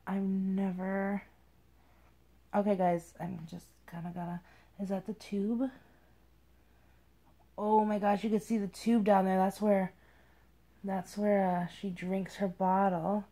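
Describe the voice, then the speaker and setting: A young woman filming a casual unboxing vlog at home, gushing and cooing in a high baby-talk voice. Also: level tone, slow pace, long pauses, dark tone. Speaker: vlogger.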